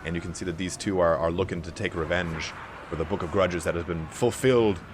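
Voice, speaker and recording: A young man with a raspy, allergy-hoarse voice giving casual play-by-play commentary on a strategy game match. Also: low-pitched, noisy background. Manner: casual, fast-flowing play-by-play with fillers. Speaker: game caster.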